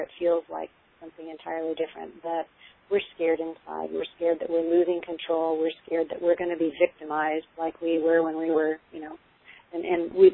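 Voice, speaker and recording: A woman giving earnest, explanatory parenting advice in casual conversation, often pausing with ums and restarting her sentences. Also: fairly low pitch, no echo. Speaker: parenting expert guest. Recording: tinny phone-like line.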